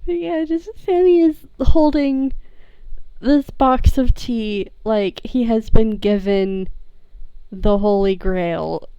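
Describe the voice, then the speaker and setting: A woman's voice: a little high, slow, lo-fi sound. A woman player narrating her character in a tabletop role-play, rambling and giggly.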